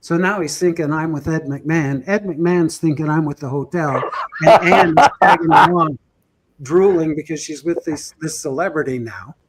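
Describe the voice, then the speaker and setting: Lively man telling a story, a bit high. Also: moderate pace. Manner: lively, chuckling, breathless storytelling. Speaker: guest. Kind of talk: animated anecdote telling.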